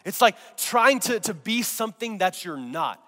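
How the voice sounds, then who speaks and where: A man's voice: sits high, big pitch swings, moderate pace, a bit bright. A male pastor preaching a sermon while getting over a cold, drawing the congregation into call-and-response. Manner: call-and-response, prompting the congregation to repeat words. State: recovering from a cold. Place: church sanctuary. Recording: long hall reverb.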